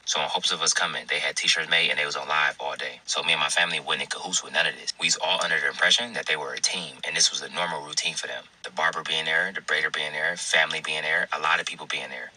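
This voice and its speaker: Male reviewer, very deep and husky, quick and methodical, mic a bit far off. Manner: calm, methodical, numbered points. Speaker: food reviewer. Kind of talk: explanatory statement video.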